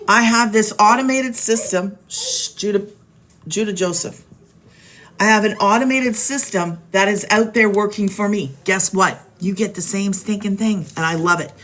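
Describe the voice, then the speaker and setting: A woman's voice: mid-range voice, moderate pace, hardly any pauses, fairly bright tone. Chatty upbeat woman selling on a live stream. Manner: chatty and upbeat, talks straight to viewers, reads out their names. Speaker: live stream host selling online business programs. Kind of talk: casual live stream pitch. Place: home. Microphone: phone.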